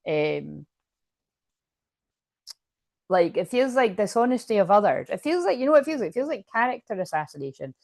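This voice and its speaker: A woman's voice: mid-range voice, big pitch swings, moderate pace, creaky, long pauses, a little mellow, no echo, studio quality. A woman doing a casual tarot card reading to camera, chatty and rambling, often interrupting herself with asides.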